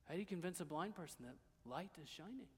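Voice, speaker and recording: A high-pitched male pastor preaching a sermon in a church hall with a long, ringing reverb. He moves between soft, hushed stretches and loud, emphatic declarations. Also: animated, fast, breathy edge.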